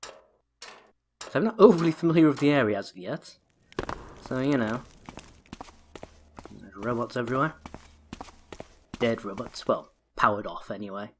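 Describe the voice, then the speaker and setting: A man narrating his own gameplay at a desk mic, joking, poking fun at himself and scolding the character on screen. His voice sits at an ordinary middle pitch. Faint noise hums underneath. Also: measured pace, long pauses. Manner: joking, self-mocking, talks to the game character. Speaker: let's play host. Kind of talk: gameplay commentary.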